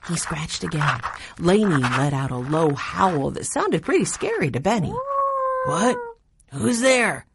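A woman narrating a children's storybook aloud in an expressive reading style. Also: deep voice, normal speed, gravelly, very noisy.

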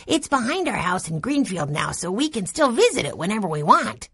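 A woman voicing an eager, hopeful young boy in a storybook reading, pitching up into a child's voice. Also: sing-song, a little fast, fairly bright tone, slightly rough, dry recording, clean studio sound.

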